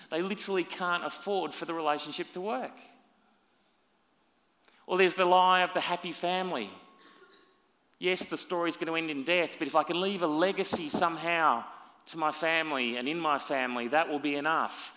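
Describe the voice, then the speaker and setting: A man preaching a sermon, swinging between loud emphatic lines and hushed, quieter asides. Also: fairly high pitch. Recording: long reverb of a large hall.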